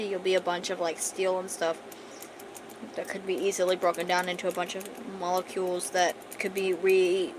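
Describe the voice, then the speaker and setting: A young woman streaming from home, chatting casually and thinking out loud while she draws, talking fast and rambling from thought to thought. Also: medium pitch, noisy background. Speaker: art streamer. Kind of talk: casual livestream chat.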